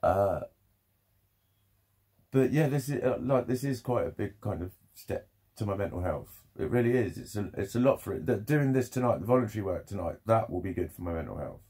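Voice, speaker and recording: A man's voice: on the low side, lively intonation, moderate pace, warm tone, slightly rough. A young man talking candidly in a rambling, sweary vlog monologue, laughing often.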